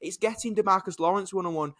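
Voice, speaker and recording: A British man with a high, light voice, talking sport on a casual podcast. He rants with plenty of energy and throws in the odd swear word. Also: fast. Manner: animated, ranting, swears and laughs. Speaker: podcast co-host.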